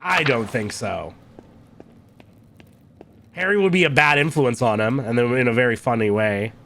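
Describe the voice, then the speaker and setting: A man's voice: mid-range voice, normal speed, fairly bright tone. A man streaming a game, chatting loosely and swearing freely as he plays. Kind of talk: casual game commentary.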